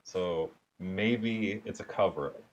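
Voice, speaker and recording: Young man, very low voice, easygoing, thinking aloud, tabletop player. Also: takes it slowly, lo-fi sound, a little hiss or hum. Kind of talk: casual tabletop play.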